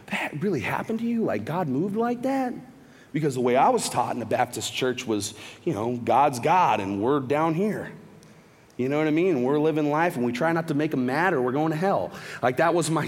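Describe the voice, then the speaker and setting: A man giving a casual, animated testimony at a church, full of slang asides and quick restarts. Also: on the high side. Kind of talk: sermon testimony storytelling. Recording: long reverb of a large hall.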